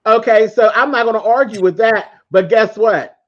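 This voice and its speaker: A man's voice: high-pitched, moderate pace. A man telling a profane gossip story in a brash, mocking way on a casual live-stream chat. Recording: dull lo-fi stream audio.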